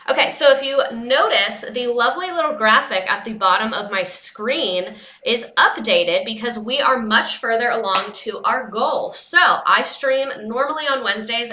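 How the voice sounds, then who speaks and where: A woman's voice: mid-range voice, pushed and bright, echoey room. A young woman hosting a casual livestream, chatting and retelling a phone call with quoted dialogue. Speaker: livestream host.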